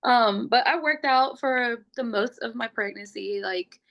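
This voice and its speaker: A young adult woman, a podcast guest, telling her pregnancy story in a casual, chatty way, full of "like" and quick laughs, open and emotional. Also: on the high side, vocal fry, muffled recording. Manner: chatty, fills speech with "like", laughs often.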